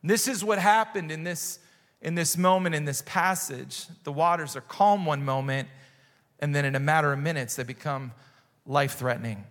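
A man with a high voice delivers a sermon, bringing the scene to life with dramatic voiced exclamations. His words ring out with a long reverb from a large church hall. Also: moderate pace, a bit bright. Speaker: pastor.

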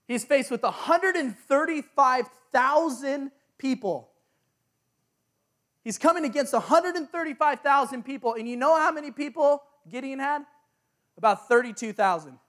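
A man preaching a sermon, telling a story in a lively, casual way with slang and excited exclamations. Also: extremely high pitch.

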